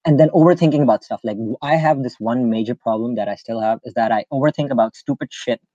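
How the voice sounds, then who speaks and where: A young man from Pakistan talks through a podcast story in a loose, rambling way, leaning on "like" and fillers. His voice is dark and mellow, and the recording sounds dry and a little dull. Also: medium pitch, fast, dry recording. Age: young adult. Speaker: podcast host. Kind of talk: casual podcast chat.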